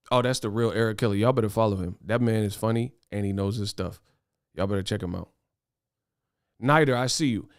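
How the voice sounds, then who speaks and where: A young man hosting a boxing commentary livestream, talking fast in slang, excitable and laughing as he reads viewer chat. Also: mid-range voice, clean tone, no echo, studio quality. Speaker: boxing commentary show host.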